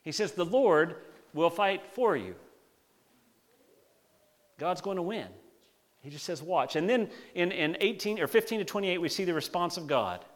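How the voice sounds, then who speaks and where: A man preaching a sermon: he reads a scripture passage, then explains it in a relaxed, conversational way, and he often slows down to stress key words. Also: high-pitched. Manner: conversational, animated preaching with slowed emphasis. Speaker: pastor.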